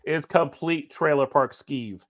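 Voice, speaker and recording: A man's voice: fairly high pitch, unhurried. Wry man on a dull lo-fi line. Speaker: podcast co-host. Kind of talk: casual podcast banter.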